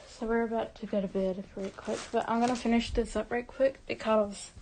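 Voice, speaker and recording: A young woman talking casually to her camera, rambling with many restarts and fillers, her voice quiet and tearful. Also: fairly high pitch, steady tone, brisk, slight background noise, poor audio. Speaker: vlogger.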